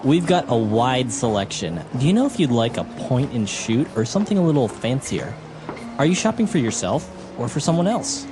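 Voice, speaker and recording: Male actor as a hesitant, apologetic camera shop clerk; lively pitch, music bed. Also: normal speed, natural voice. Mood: eager salesman. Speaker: actor in a listening dialogue.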